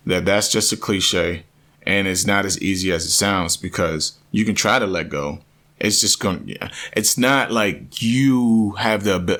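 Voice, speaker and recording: A man vlogging a personal story, earnest and animated, often restarting and repeating himself. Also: low-pitched.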